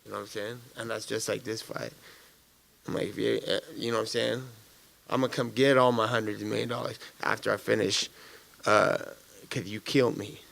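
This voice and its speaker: A man's voice: lowish voice, little pitch movement, a little fast, creaky, fairly bright tone. A man, a fighter at a press conference after his fight, answering questions bluntly and profanely, rambling with many fillers.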